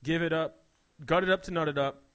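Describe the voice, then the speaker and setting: A loud, dim young bro, brash and crude, firing off swears, as a man puts him on. His voice is bright and sits high, pushed upward and shouting. It plays as a boisterous improvised comedy caricature. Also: fairly even intonation, a little fast, slight background noise, close to an everyday voice. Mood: loud, incredulous. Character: loud dumb young male bro character.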